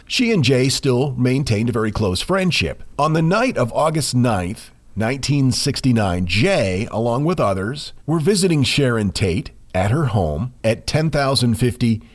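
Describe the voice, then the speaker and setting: A man co-hosting a podcast, telling a ghost story in a measured way with dramatic pauses. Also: medium pitch, big pitch swings. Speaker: podcast co-host.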